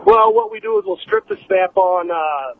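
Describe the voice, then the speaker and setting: A man's voice: high voice, wildly swooping pitch, normal speed, creaky. A man calling into a radio show, blunt and matter-of-fact, swearing casually. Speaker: caller. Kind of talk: phone-in call. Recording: tinny phone line with faint noise.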